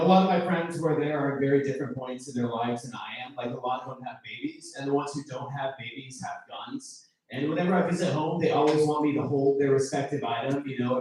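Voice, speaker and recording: A man's voice: mid-range voice, darkish tone. A male stand-up comedian from Iowa delivering a chatty, self-deprecating set in a comedy club. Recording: very echoey club from far off.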